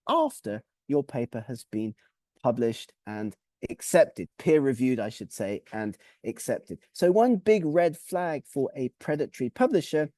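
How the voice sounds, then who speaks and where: A man presenting a publishing webinar, explaining step by step in a clear, methodical way, with lists and recaps. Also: medium pitch, very animated, a little slow, warm tone, dry recording, studio quality.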